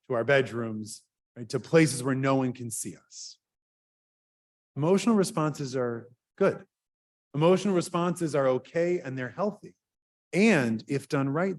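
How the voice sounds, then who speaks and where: A man giving a sermon as a rabbi in a synagogue, speaking earnestly and conversationally, with fillers and lively swings in loudness. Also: medium pitch. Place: synagogue sanctuary.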